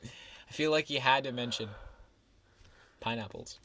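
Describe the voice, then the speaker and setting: A man's voice: mid-range voice, measured pace, very noisy. A young man co-hosting a podcast, chatting casually in a teasing, absurd, giggly way. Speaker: podcast co-host. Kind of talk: casual comedic chat.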